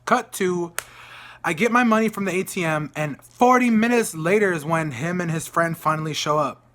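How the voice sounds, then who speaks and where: A man from Texas with a Texan accent, telling a story in a casual vlog rant, exasperated and animated as he acts out the other people in it. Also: sits high, moderate pace. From Dallas, Texas. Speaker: vlogger.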